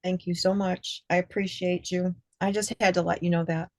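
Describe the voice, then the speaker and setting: A woman's voice: fairly low pitch, little pitch movement, normal speed, dry recording. A woman sharing her personal story in a casual group session, earnest and rambling, acting out bits of dialogue. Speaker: workshop participant.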